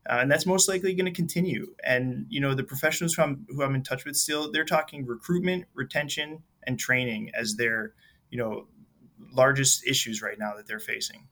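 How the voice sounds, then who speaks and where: A man guesting on a podcast, answering in a measured way with many ums. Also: mid-range voice, sharp tone. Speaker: podcast guest, industry sales executive. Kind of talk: casual interview answers.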